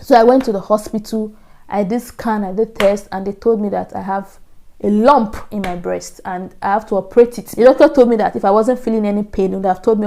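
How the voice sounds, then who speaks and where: Nigerian woman telling her story, mellow voice. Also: mid-range voice, brisk. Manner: earnest storytelling, acts out her own past thoughts in soft asides. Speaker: vlogger. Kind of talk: casual storytelling to camera.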